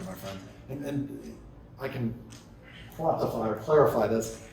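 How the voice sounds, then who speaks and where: Heard from a distance in an echoey, large conference hall, this keynote speaker talks a little slowly in a mid-range voice, leaving long pauses. Still, his live talk is energetic, built on stories and a stream of rhetorical questions.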